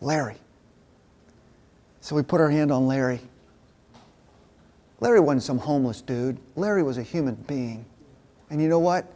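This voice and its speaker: A man with a fairly high voice preaches to a men's group in an easy, conversational way. He tells stories from his own life and plays out the back-and-forth of each conversation. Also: expressive, normal speed, long pauses, dark tone. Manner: conversational, acts out dialogue in stories. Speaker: men's ministry speaker. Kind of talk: sermon told through personal stories.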